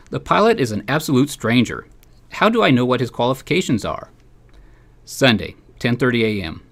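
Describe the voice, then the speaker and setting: A man, a sports writer, reading a humorous newspaper column aloud with wry, deadpan delivery. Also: mid-range voice.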